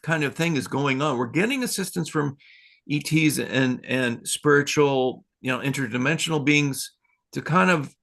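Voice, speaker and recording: A man's voice: mid-range voice, moderate pace, vocal fry, a bit bright. A man hosting a spiritual talk show, telling stories in a loose, rambling way with small chuckles. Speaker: podcast host.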